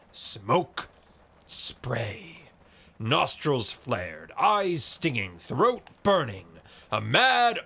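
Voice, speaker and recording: A man's voice: mid-range voice, gravelly, a bit bright, breathy edge, exaggerated voice. A man voicing a boisterous male sea colonel who talks with roaring passion. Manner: roaring, impassioned.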